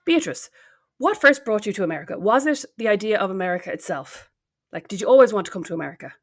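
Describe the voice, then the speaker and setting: A woman's voice: mid-range voice, lively intonation, fast talker. Woman, Irish accent, podcast co-host, casual chat, wry, teasing. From Ireland.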